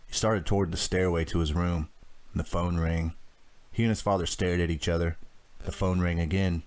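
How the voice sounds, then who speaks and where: A man narrating a teen thriller audiobook in a measured, steady reading. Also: sits low. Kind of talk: scripted narration.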